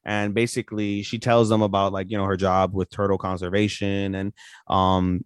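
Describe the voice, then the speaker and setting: A man's voice: low voice, little pitch movement, normal speed, clear, resonant tone, no room sound, studio quality. A man co-hosting a podcast, recapping anime episodes in a loose, rambling way full of "like" fillers and casual swearing. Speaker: podcast co-host.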